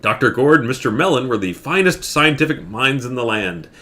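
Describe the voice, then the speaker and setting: A man reads a children's picture book aloud in a bright, forceful voice, and his pitch moves a great deal as he goes. He is animated and drops in joking asides. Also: fairly quick. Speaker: streamer reading a picture book.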